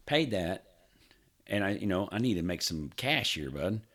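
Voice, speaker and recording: Low-voiced man telling a rambling story. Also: sing-song, moderate pace, a bit bright. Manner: rambling, profane storytelling with frequent laughs. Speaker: podcast co-host. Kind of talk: casual chat.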